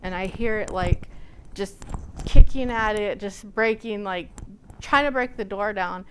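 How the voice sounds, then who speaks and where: A woman from Nebraska giving a lecture by telling a personal story, animated and acting out the dialogue she recounts. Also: mid-range voice, a little slow, noisy background. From Nebraska, USA. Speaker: guest lecturer.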